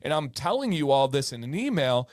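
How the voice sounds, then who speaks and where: A man's voice: medium pitch, sing-song, brisk, dry recording, studio quality. A man telling a story in casual chat as a livestream co-host, acting out the people in it.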